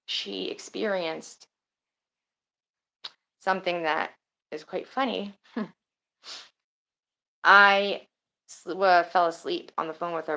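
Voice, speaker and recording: Lowish-voiced woman rambling to her stream chat, swears a bit, kinda muffled sound. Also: creaky, sharp tone. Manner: rambling and chatty, swears casually. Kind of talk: casual livestream chat.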